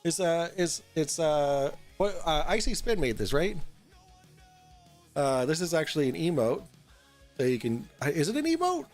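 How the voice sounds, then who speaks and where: A man's voice: a little high, big pitch swings, moderate pace, a little mellow, faint music behind. A man hosting a casual livestream talk show, rambling and swearing as he reads and answers chat while drinking on air.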